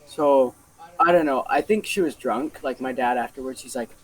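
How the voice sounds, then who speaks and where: A man's voice: mid-range voice, moderate pace, poor audio. A young man casually telling a story on a podcast, rambling and full of fillers. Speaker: podcast co-host.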